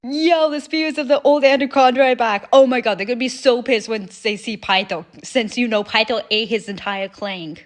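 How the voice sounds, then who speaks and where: A woman hosting a reaction video in casual, chatty commentary, swearing freely and quoting characters in quick asides. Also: fairly high pitch.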